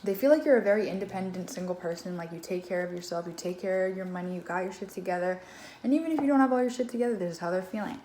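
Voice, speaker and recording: A woman's voice: lowish voice, racing, mellow. A woman giving a casual tarot reading straight to the viewer, loose and conversational, with plenty of swearing and fillers. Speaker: tarot reader. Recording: echoey room with faint background noise.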